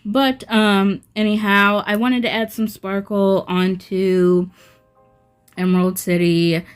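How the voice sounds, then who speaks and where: A woman's voice: mid-range voice, little pitch movement, clear, resonant tone, soft background music. A woman talking through a nail art tutorial in a casual, rambling voice-over, full of fillers like "um" and "like". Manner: slow, filler-heavy, rambling.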